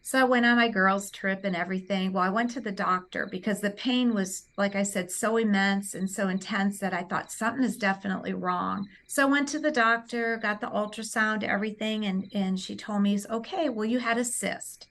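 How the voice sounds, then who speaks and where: A woman guest telling a personal story in an earnest, lively way, with many "you know"s. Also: mid-range voice, brisk, few pauses.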